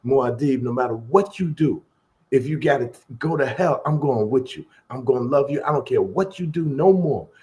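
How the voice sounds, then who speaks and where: A man sharing a personal story, earnest and heartfelt, dramatizing it as he goes. His voice sits at a plain middle pitch. He talks at an easy conversational pace.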